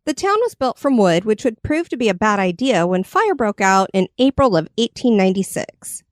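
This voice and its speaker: A woman's voice: medium pitch, sing-song, moderate pace, dry recording. A woman co-hosting a podcast, reading history notes in casual chat, giggly and stumbling over words. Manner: giggly, often breaks into laughter. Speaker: podcast co-host. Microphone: studio podcast mic.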